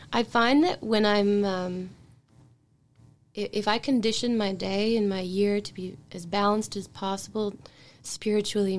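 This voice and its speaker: A woman's voice: mid-range voice, a little mellow. Chatty Canadian woman, reflective songwriter guest. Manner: chatty and reflective, with frequent light laughs. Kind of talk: casual podcast interview.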